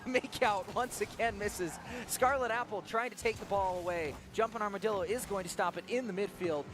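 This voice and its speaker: High-pitched excitable esports caster man. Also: background noise. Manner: excitable, laughs often, shifts between hype and low chat. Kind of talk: play-by-play commentary.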